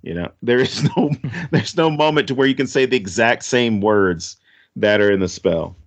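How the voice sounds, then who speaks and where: A man co-hosting a podcast, talking through a film in a loose, rambling way. He jokes as he goes and drifts into quick animated asides. The sound is a little dull and lo-fi. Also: lowish voice. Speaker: podcast co-host. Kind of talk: casual movie discussion.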